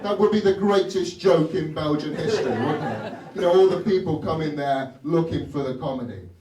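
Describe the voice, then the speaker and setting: A man's voice: a little high, lively intonation, normal speed, a crowd in the background. A young British man doing a stand-up comedy set, teasing the audience with wry rhetorical questions. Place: comedy club stage. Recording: roomy club from a distance with audience laughter.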